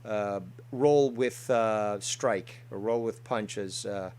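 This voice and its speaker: A man's voice: on the low side, slow, darkish tone, clean tone. A man hosting a talk show, boasting and swearing heavily as he rambles with many fillers. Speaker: show host. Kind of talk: casual streamed talk show chat.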